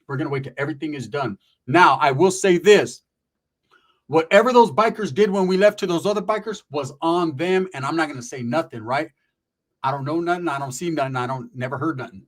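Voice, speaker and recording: A man telling a rough personal story in casual, profane street slang, animated and conversational. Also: on the high side, a little fast.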